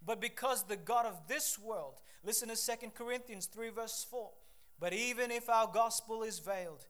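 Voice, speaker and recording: A man preaching a sermon with a fairly high voice. He is from Papua New Guinea and moves between steady scripture reading and animated storytelling, swinging from loud bursts to quiet asides. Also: normal speed. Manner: animated storytelling with shifting loudness, acts out voices.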